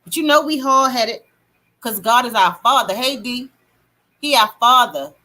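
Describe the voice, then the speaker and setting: A middle-aged woman hosting a livestream, telling her testimony in a casual, animated way and greeting chat viewers. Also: on the high side, unhurried. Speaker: livestream host.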